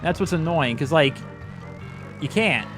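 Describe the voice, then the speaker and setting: A man's voice: fairly high pitch, expressive, unhurried, creaky, a bit bright, faint music behind. A man giving rambling, chatty commentary while playing a game, often exclaiming at it as he goes. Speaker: gaming channel host. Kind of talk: casual let's-play commentary.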